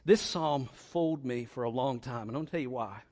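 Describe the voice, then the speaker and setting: A man preaching a sermon, with dramatic pauses and repetition, building from quiet to loud, impassioned passages. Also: medium pitch. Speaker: pastor.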